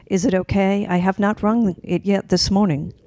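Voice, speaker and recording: A woman's voice: medium pitch, fairly even intonation, normal speed, lightly acted. A woman reading a kindly Italian priest. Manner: warm, gently teasing.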